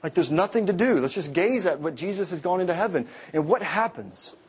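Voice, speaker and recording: A man's voice: high voice, lively intonation, brisk. A man, a pastor, preaching a sermon with vivid storytelling, often repeating and restarting words.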